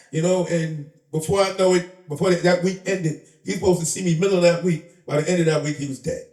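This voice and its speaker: A man's voice: a little high, fairly even intonation, fast, hardly any pauses, darkish tone. A man, telling stories in a casual interview, streetwise and laughing, acting out the voices of the people in them. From the Bronx, New York. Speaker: interview guest, rapper and comedian. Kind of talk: animated storytelling in casual chat. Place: live event in a shop. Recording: roomy sound, a bit far from the mic.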